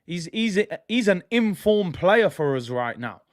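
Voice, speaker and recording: A young man hosting a live football watch-along, reacting emotionally and often breaking into frustrated shouting. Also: high voice, big pitch swings, a little slow, no room sound, clean studio sound. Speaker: fan stream host.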